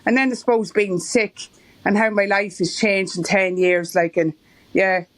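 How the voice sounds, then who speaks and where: A woman's voice: mid-range voice, fairly even intonation, normal speed. Chatty Irish woman, rambling and laughing. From Ireland. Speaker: marathon runner guest. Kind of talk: casual interview chat.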